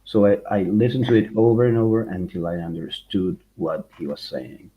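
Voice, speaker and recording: A man whose first language is not English, co-hosting a podcast in casual chat, relaxed and quick to laugh. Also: lowish voice, a little hiss or hum. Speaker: podcast co-host. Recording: dull lo-fi sound.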